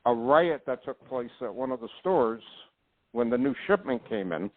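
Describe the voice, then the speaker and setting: Male podcast host, mid-pitch, rambly and indignant, tinny phone-line audio. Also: lively intonation, moderate pace, no room sound. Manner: rambling, indignant, restarts often. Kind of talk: casual chat.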